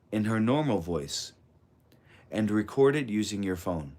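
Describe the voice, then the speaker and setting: Calm man reading a parenting audiobook. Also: on the low side. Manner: calm, measured, instructive reading. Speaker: audiobook narrator. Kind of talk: scripted audiobook narration.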